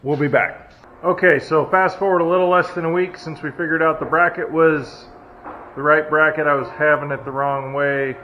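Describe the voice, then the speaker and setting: A man's voice: a little high, steady tone, moderate pace. Chatty man in a dull lo-fi garage vlog. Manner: chatty, self-deprecating, talks while working. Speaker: hobby mechanic restoring a truck. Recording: dull lo-fi audio with faint noise. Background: logging machinery next door.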